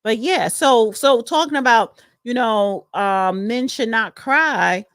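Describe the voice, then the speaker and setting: A woman's voice: a little high, takes it slowly, fairly bright tone, dry recording, clean studio sound. A woman, co-hosting a casual livestream from home, chatty and frank, reading the chat and calling listeners honey. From East Orange, New Jersey. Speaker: podcast co-host reading live chat.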